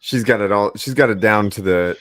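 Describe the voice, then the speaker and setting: A man's voice: on the low side, fairly quick, fairly bright tone, no room sound. A man co-hosting a podcast, reacting to stories with jokes in casual chat. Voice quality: wisecracking reactions. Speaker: podcast co-host.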